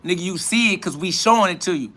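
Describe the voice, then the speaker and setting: High bright-voiced guy on a live stream, cocky trash talk, preachy and repetitive. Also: expressive, quick pace.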